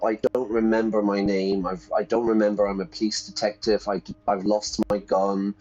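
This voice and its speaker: A man's voice: on the low side, darkish tone, highs cut off. Chatty man teaching English while gaming. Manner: chatty, explains words for learners. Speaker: English teacher playing a game on stream. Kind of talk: live-stream commentary and reading aloud.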